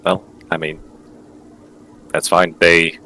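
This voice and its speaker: Very deep-voiced man playing a tabletop game. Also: monotone, takes it slowly, bright, forceful tone, rough recording. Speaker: player. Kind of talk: in-character role-play.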